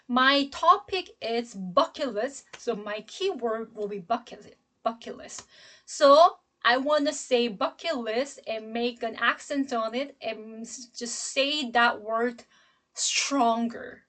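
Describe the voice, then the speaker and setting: A middle-aged woman, an English professor, giving a classroom lecture in a slow, emphatic way and demonstrating intonation as she goes. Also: on the high side, fairly bright tone.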